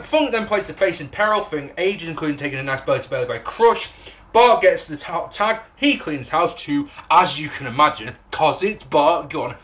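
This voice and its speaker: Rambling English man, lively pitch. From England. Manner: rambling, sarcastic, swears, laughs at his own jokes. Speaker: wrestling show reviewer. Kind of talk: casual recap and commentary.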